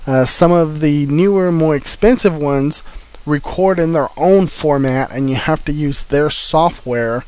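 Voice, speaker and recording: A man's voice: a little high, measured pace, a little mellow, clean tone, dry recording. A man giving informal practical instructions on recording gear, talking plainly with frequent fillers.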